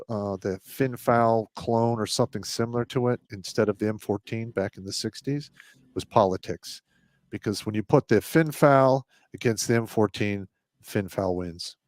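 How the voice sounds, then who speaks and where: Low-voiced man talking plainly, dry sound. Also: darkish tone, no echo. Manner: plain-spoken, recalls details matter-of-factly. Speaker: veteran guest on a stream. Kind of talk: casual live-stream chat.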